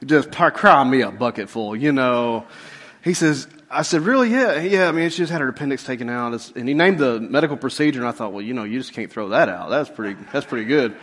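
A middle-aged man, a pastor, telling a funny personal story in a sermon and swinging from loud outbursts to hushed asides. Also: medium pitch, animated, brisk. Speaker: pastor and police chaplain.

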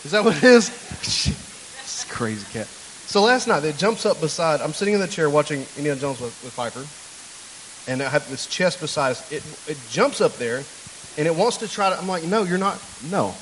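A man's voice: a little high, lively intonation, normal speed, a little hiss or hum, rough recording. A man preaching a sermon as pastor, telling family stories in a loose, joking, conversational way and talking directly to the congregation. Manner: chatty, joking storyteller who talks to the congregation. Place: church.

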